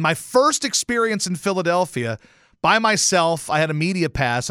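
A man's voice: mid-range voice, dry recording, clean studio sound. A man hosting a podcast, ranting in a casual, profane, sarcastic way and telling stories. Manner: animated, profane, sarcastic storytelling. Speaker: podcast host. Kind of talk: casual rant.

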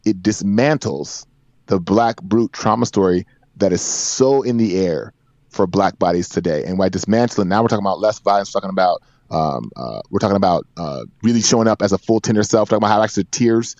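A man's voice: sits low, lively intonation, a little fast, a little mellow, no room sound. A man in his forties, a podcast guest, telling a personal story in an earnest, emphatic way with repeated phrases. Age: 40s. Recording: dry, dull lo-fi sound.

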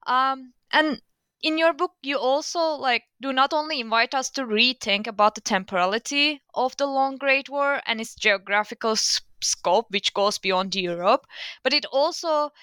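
A woman's voice: high voice, normal speed, sharp tone, clear, resonant tone, dry recording. A woman hosting an interview, asking long, carefully phrased questions about the guest's book. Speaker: interviewer, podcast host.

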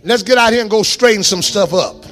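High-pitched shouting preacher man. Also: a little fast, soft background music. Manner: shouting, exhorting the congregation with call-and-response commands. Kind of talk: fiery sermon. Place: church sanctuary.

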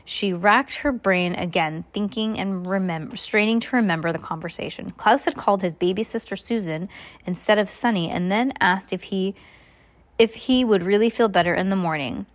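A woman reading a novel aloud, stumbling and restarting often. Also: mid-range voice. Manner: halting, with many restarts. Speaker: reader.

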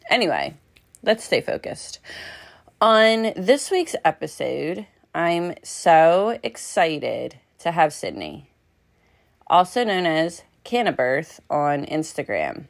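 A woman's voice: sits low, big pitch swings, slow pace, creaky. A young woman hosting a podcast, chatting casually with fillers and light laughs. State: out of breath. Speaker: podcast host.

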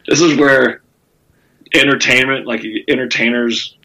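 A man's voice: medium pitch, steady tone, takes it slowly, gravelly, sharp tone, rough recording. A man with a Southern US accent, a comedian telling stories in a casual podcast chat, rambling with lots of fillers and cursing. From South Carolina. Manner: rambling storytelling with frequent fillers and profanity. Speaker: comedian guest.

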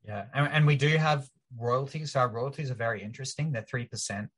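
A man's voice: mid-range voice, a little fast, fairly bright tone. A man appearing as a guest on a casual podcast, explaining his team's project in eager detail. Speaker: project team member guest. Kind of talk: casual interview chat.

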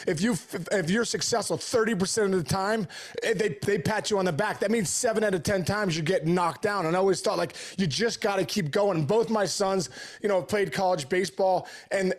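Earnest high-voiced stammering man. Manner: earnest, stammers and restarts often. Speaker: podcast guest, former baseball player. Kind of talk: casual interview chat.

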